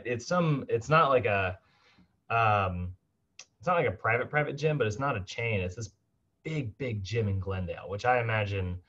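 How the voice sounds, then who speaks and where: A man teaching a fitness course in a casual recorded lecture, chatty and animated, laughing often and acting out the people he describes. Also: lowish voice. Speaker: fitness instructor. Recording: slightly dull lo-fi sound.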